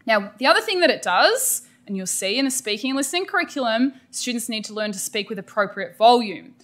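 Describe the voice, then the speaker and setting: A middle-aged Australian woman, a teacher educator running a workshop, delivers an energetic and emphatic professional development lecture for teachers. Her voice is fairly high and her pace is brisk.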